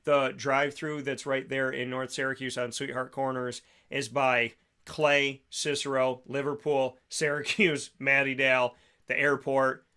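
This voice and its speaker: A man hosting a local radio show, talking in a lively, repetitive way straight to his listeners. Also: mid-range voice, measured pace, clear, resonant tone. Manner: energetic, repetitive, talks directly to listeners. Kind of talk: casual radio talk with sponsor reads and motivational segment.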